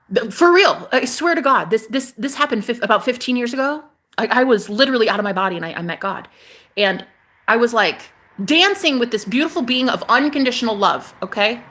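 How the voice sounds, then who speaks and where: Woman vlogger, bright ringing voice, sassy, swears freely, emphatic repetition, laughs a lot. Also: fairly high pitch. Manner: sassy and profane, calls viewers honey; emphatic, repeats phrases, laughs often. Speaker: spiritual vlogger. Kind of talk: casual spiritual monologue to camera.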